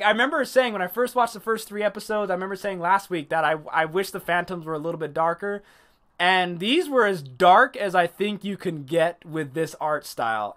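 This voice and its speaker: Animated, swearing male anime streamer. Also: fairly high pitch. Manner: animated, profane, reacts to chat. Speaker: livestream anime reviewer. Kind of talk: casual livestream review.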